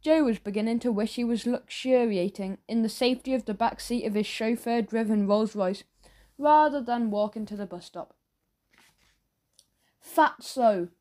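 A woman narrating a children's audiobook in a playful, expressive storytelling manner. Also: on the high side, moderate pace.

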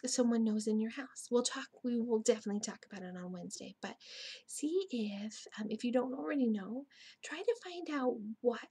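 A woman teacher reading a storybook aloud to children, slow and gentle, often dropping to a whisper. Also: on the high side, slightly rough.

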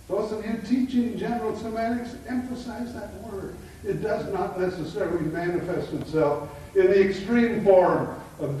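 A man's voice: high-pitched, warm tone. An older man lecturing to a live audience in an emphatic teaching manner, telling anecdotes. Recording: echoey hall, mic far off.

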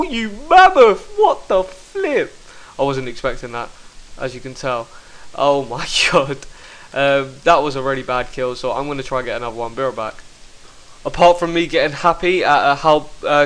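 A young man commentating his own online game fights, excitable and quick to swear, talking into a headset mic. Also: medium pitch, low-quality recording. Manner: excitable, swears, bursts into shouts. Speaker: gaming commentator. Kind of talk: live gameplay commentary.

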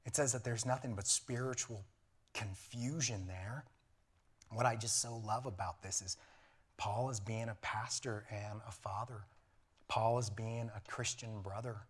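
A pastor preaching a lively sermon in church, animated and laughing, often acting out voices. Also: male voice, fairly low pitch, a little slow, slightly rough.

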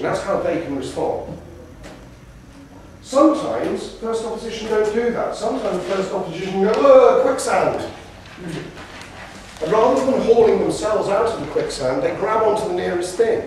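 A man's voice: high-pitched, slight background noise. A man giving a debate lecture to students, telling stories and acting out quotes as he goes, recorded from a distance in a lecture room. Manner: animated storyteller, acts out quotes. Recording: roomy hall from a distance.

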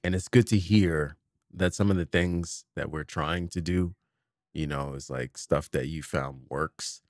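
Speaking in a very deep voice at a measured pace, a middle-aged podcast host animatedly recounts a family tale in casual talk, voicing the dialogue himself. There's no room sound, just a clean studio recording.

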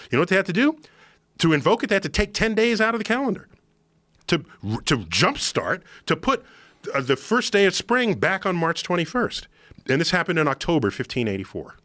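A man explaining something to a podcast host in an emphatic, excitable lecturing manner. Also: fairly high pitch, no echo. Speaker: podcast guest. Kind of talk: animated explanation in conversation. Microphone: studio podcast microphone.

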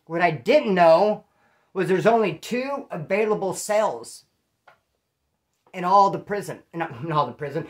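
A man from California telling his own prison stories in a casual, profane, animated way and acting out what people said. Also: high voice, a little slow. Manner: profane, animated, acts out quoted dialogue. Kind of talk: casual storytelling.

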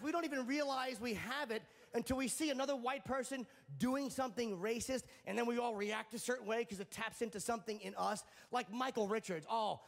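A man doing a stand-up comedy set on a club stage, sardonic and profane, landing his punchlines deadpan. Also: very high-pitched.

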